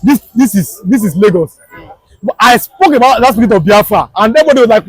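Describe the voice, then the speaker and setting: A man's voice: sits high, animated, fast, breathy edge, dry recording, rough recording. A Nigerian man with a Yoruba accent giving impassioned street political commentary, emphatic and repetitive in a preachy way. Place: outdoors on a Lagos street.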